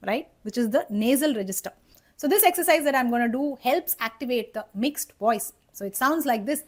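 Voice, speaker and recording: Patient woman voice coach, fairly high. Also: lively intonation, brisk. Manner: checks in with "okay?" and "right?"; explains patiently, step by step. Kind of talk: instructional singing lesson.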